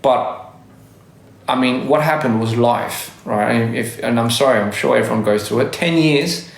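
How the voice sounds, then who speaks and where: A man from Australia with a softened Australian accent, chatting casually on a live stream, rambling and correcting himself, often laughing. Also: medium pitch, measured pace, creaky, roomy sound. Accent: Australian English, softened by years abroad. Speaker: livestreamer. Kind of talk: casual live-stream chat reading comments.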